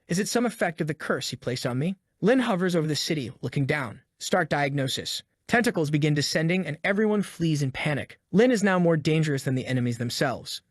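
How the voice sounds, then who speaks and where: A man narrating a comic story recap in an even storytelling manner, reading every line of dialogue in the same voice. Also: a little high, no room sound, clean studio sound. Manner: even storytelling, reads all dialogue lines in one voice.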